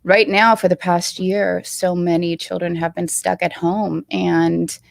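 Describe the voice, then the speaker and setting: A woman's voice: lowish voice, little pitch movement, a little slow, creaky, no echo, studio quality. A woman being interviewed about her children's book, telling her story earnestly with frequent ums. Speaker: author guest. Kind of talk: live interview conversation. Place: live online show.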